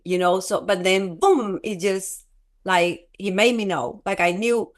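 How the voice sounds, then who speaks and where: A woman guest telling a personal testimony in an interview, halting and repeating herself, acting out quoted dialogue as she goes. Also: medium pitch. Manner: halting, repeats words, restarts often; animated retelling with quoted dialogue.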